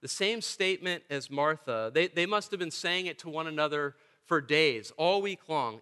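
A man's voice: a little high, lively intonation, normal speed, hardly any pauses, bright, forceful tone, clear, resonant tone. A man preaching a sermon as pastor, emphatic and fond of repeating key phrases for stress.

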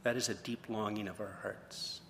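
A man's voice: fairly low pitch, fairly even intonation, moderate pace, vocal fry, fairly bright tone, long reverb tail, slight background noise. A man preaching a sermon, retelling a story and then posing questions to the congregation. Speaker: pastor.

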